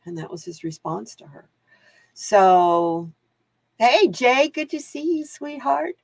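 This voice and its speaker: A woman's voice: a little high, takes it slowly, dry recording. A woman hosting live card readings, chatting casually to viewers and laughing often as she wanders off into stories. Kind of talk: casual livestream chat.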